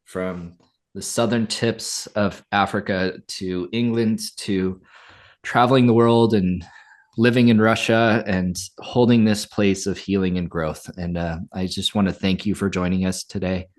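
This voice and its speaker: Brief: male podcast host, very low voice, soft and affirming. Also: fairly even intonation, measured pace. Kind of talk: podcast conversation and show manifesto.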